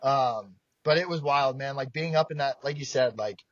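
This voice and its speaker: A young man from South Jersey, a baseball pitcher guest, telling stories in a lively, profane way and acting out quoted voices. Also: moderate pace, dry recording. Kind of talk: casual storytelling. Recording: dull dry podcast mic.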